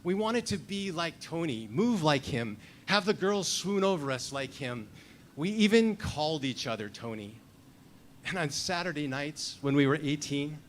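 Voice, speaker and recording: A man's voice: fairly high pitch, a little hiss or hum. A man in his fifties performing a personal story at a storytelling slam, wry and reflective. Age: 50s.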